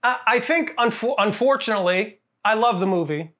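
A man co-hosting a casual movie podcast, animated and laughing, often repeating words while he searches for them. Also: high-pitched, brisk. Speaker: podcast co-host. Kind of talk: casual movie review chat.

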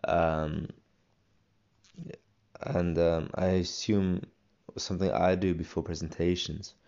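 Young male podcast host, rambling and halting, deep fry-heavy voice, slightly dull recording. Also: level tone, darkish tone. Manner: rambling, halting, many restarts and fillers. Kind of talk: solo casual podcast monologue.

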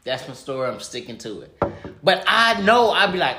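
Bright, lively man with a bouncy voice. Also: fairly high pitch, moderate pace, slight background noise. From Houston, USA. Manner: lively, joking, self-deprecating. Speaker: podcast co-host. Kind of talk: casual storytelling chat. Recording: echoey room.

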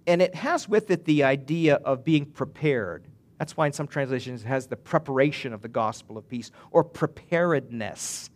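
A man's voice: mid-range voice, animated, moderate pace. A male pastor preaching a sermon in an earnest way, building to emphatic swells and often restarting his phrases.

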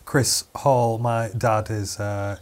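A man's voice: fairly low pitch, fairly even intonation, slow. A young man in casual chat, laid-back and rambling into tangents.

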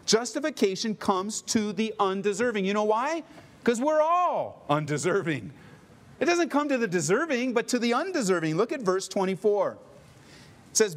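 Animated, emphatic male pastor preaching. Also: sits high, measured pace. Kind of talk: sermon.

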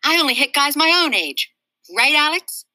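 A tough schoolgirl barks blunt threats in a storybook reading, as a woman puts her on. The voice is raised, very bright and dry. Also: high-pitched, big pitch swings, normal speed, dry recording, pitched above the performer's own voice, heavily acted. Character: tough bossy schoolgirl who punches boys.

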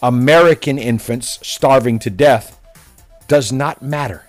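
A man's voice: medium pitch, measured pace, soft background music. A man delivering a combative, mocking political opinion monologue as a commentator. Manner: mocking, combative, name-calling.

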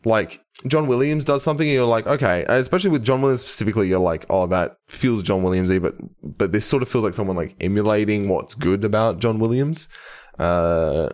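A man's voice: fairly low pitch, fairly quick, a little mellow. A man co-hosting a podcast, chatting casually in a rambling, hedging way with the odd swear word. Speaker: podcast co-host. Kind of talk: casual chat.

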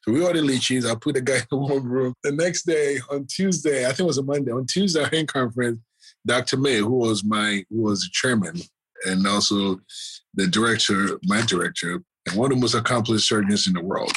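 Husky man rambling through surgery stories. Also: mid-range voice, brisk, a bit bright, low-quality recording. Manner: rambling, filler-heavy, chuckles often. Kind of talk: casual anecdotal storytelling.

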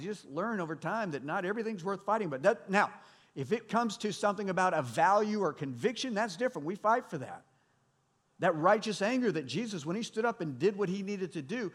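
A man's voice: high voice, a bit bright. A middle-aged male pastor preaching to a congregation in a conversational way, asking the room questions. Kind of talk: sermon. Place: church hall before a congregation.

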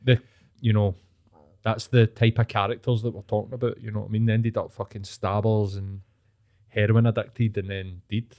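A man's voice: lowish voice, flat delivery, moderate pace, dull audio. A Scottish man in his late thirties with a Glaswegian accent, telling frank, swear-filled stories in a casual podcast chat. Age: 30s.

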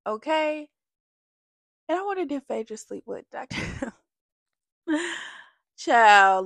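A woman giving a casual, sassy recap of a reality TV show, animated and full of slang, jumping between topics. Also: fairly high pitch, unhurried, creaky, dry recording, studio quality.

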